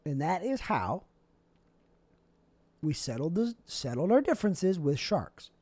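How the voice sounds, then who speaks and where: A young man rambles through a deadpan comedic monologue, his pitch jumping around a lot as he goes. The tone is warm and mellow, and the recording is dry and close with no room sound. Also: unhurried, no echo. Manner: deadpan, rambling, absurd asides. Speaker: comedic vlogger.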